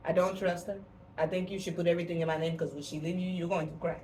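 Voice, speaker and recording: A woman putting on a scheming mother in a hushed accent. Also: lowish voice, steady tone, fast talker, a little hiss or hum, natural voice. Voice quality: put-on foreign accent, hushed and conspiratorial. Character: scheming, distrustful mother of a rich son. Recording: roomy, distant mic.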